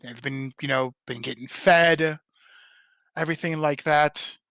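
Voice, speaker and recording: A man voicing a proud, sly male goliath leader who speaks smoothly and a little mockingly. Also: fairly high pitch, a little slow, fairly bright tone, no room sound. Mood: composed.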